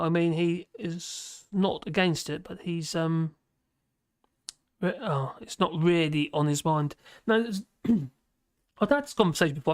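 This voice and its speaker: A chatty host talks through viewer comments on a livestream, wandering off track and restarting sentences. The voice sits at a middle pitch. It is recorded close and dry, with no room sound. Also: no room sound. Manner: rambling, chatty, full of restarts and fillers; laughs often between remarks. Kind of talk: casual livestream chat, reading viewer comments.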